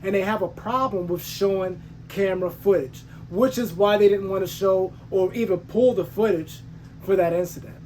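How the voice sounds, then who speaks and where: A man's voice: sits high, normal speed, a little mellow, slight background noise. A man, a truck driver and channel host, telling a story in a casual way, heated and emphatic, with slangy asides and many restarts. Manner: frequent restarts and self-corrections.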